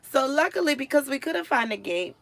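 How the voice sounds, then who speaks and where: A woman with a high voice and a gravelly, fried edge tells a story to her viewers on a live stream. She swings from low mutters to loud, exasperated outbursts, with an animated, casual delivery. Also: brisk.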